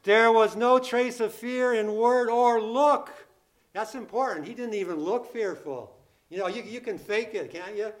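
A man delivers a sermon in a fairly high voice at a slow, deliberate pace. He hammers home key phrases by repeating them. He also puts questions to his listeners and acts out the scenes he describes. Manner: acts out the disciples' panicked pleas in a raised voice. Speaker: preacher.

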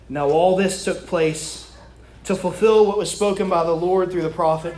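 A man preaching a sermon to his church, his phrases trailing off low and soft at the ends. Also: fairly even intonation, normal speed, slight background noise. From Kentucky. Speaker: pastor. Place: church sanctuary. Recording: echoey church room.

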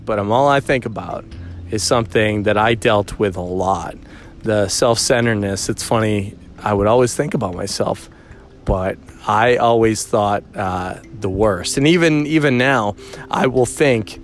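Rambling man hosting a podcast. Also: fairly low pitch. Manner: rambling, many fillers and restarts. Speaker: podcast host. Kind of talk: casual podcast chat.

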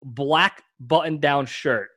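Young guy with a high voice cracking jokes and doing bits on a chill podcast. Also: takes it slowly. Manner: animated storyteller, acts out voices and laughs. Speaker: podcast co-host. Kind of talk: casual comedic chat.

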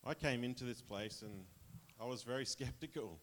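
A man's voice: medium pitch, moderate pace. Chatty Australian man giving testimony. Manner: chatty, rambling, laughs often. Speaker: church member sharing testimony. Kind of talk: casual testimony to a congregation.

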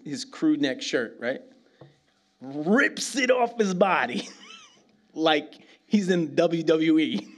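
A middle-aged man from New York City, preaching a sermon full of humorous stories, laughing often and asking "right?" again and again. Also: a little high. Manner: animated, laughs often, asks "right?" constantly. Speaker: pastor.

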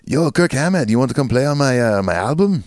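A man's voice: mid-range voice, sing-song, fast, darkish tone, no room sound, clean studio sound, voice pushed up, natural voice. A man doing a friendly Mexican-accented musician. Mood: friendly invite. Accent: mock Mexican Spanish accent. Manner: jokey, exaggerated. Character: casual Latino musician, male, friendly.

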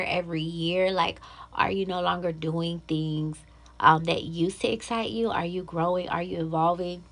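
A woman's voice: lowish voice, a bit bright. A woman hosting her own podcast in casual solo chat, upbeat and chatty, talking straight to her listeners. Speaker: podcast host.

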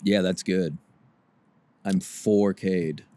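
A man co-hosting a podcast, chatting casually and riffing with quick jokes and silly bits. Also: low voice, steady tone, dark tone, dry recording. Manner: jokey, riffs with quick bits and silly voices. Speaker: podcast co-host. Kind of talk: casual chat.

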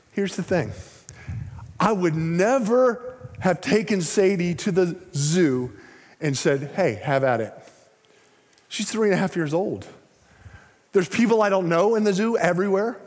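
Older male pastor with a high-pitched voice, preaching with sweeping dynamics in a reverberant hall. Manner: dramatic swings between loud emphasis and hushed low phrases. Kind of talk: sermon. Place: large church sanctuary.

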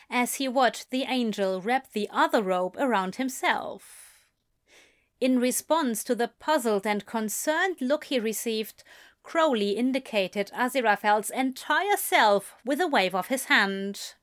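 A woman reading a romantic story aloud in a slow, measured way. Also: a little high, expressive. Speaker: reader. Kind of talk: reading fan fiction aloud.

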